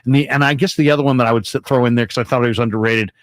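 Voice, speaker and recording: A man from San Francisco hosting sports radio, animated as he tells his stories. His voice is mid-pitched and sits close to the mic, with no room echo. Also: racing. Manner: enthusiastic storyteller, repeats names for emphasis. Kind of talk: casual sports radio talk.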